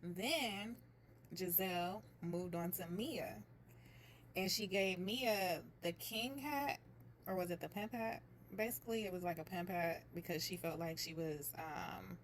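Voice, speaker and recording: A young woman chatting casually as she recaps a reality show, telling it in a lively way and slipping into other people's voices. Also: lowish voice, a little slow, a little hiss or hum. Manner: chatty, animated retelling with quoted voices.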